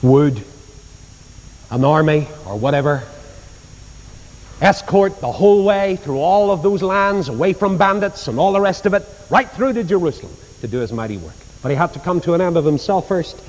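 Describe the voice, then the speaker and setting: An older Northern Irish preacher tells Bible stories with a fairly high voice. His pitch climbs when he presses a point, and he acts out the voices of the people in the stories. A long reverb trails each phrase. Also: expressive, moderate pace, a little mellow. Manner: storytelling, acts out quoted voices, rises in pitch for emphasis. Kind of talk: sermon.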